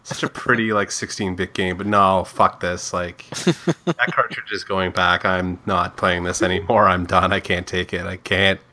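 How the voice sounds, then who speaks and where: A man's voice: deep voice, fairly even intonation, moderate pace, bright, forceful tone. A man in casual chat among friends, blunt, sardonic and sweary.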